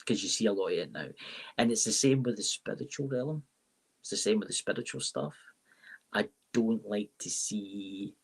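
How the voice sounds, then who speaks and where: A Scottish man, a tarot reader and paranormal podcaster, talking in a rambling way on a live-stream interview and often saying "right?". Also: lowish voice. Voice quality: gravelly, husky. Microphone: live-stream mic.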